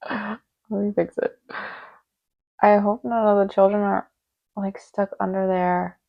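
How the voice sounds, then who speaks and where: A woman's voice: mid-range voice, flat delivery, creaky. A young woman reacts to creepy clips in a loose, chatty way, giggling often and dropping "like" into her sentences. She takes her time over the words, and the sound is a little dull and lo-fi. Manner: giggly, quick exclamations, says "like" often. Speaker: reaction video host. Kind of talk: casual reaction commentary.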